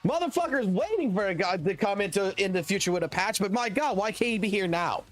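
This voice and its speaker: A man streaming a game live, ranting with heavy swearing in an animated, excitable way. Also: high-pitched, fast talker, soft background music. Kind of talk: profane live stream rant while gaming.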